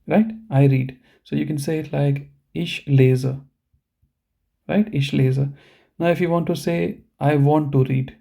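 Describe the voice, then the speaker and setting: A male teacher in an online lesson, with a very dark, mellow voice that has a gravelly edge and sits a bit higher than most men's. He explains patiently, one step at a time, slows right down on the example words, and keeps checking that the learners are following. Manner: slow, deliberate pronunciation of example words. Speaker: German teacher. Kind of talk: live online language lesson.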